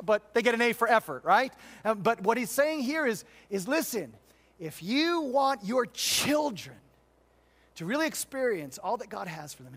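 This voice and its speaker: A middle-aged male pastor delivers a sermon in a storytelling way. His voice sits a little high for a man. He moves between loud, emphatic points and hushed, gentle moments. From United States.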